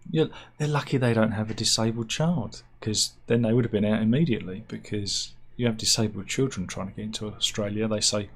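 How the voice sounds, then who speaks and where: A man hosting a satirical news vlog, reading out stories with wry, deadpan asides and mock outrage. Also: lowish voice, brisk, few pauses, breathy edge. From United Kingdom. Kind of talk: offhand comic news chat.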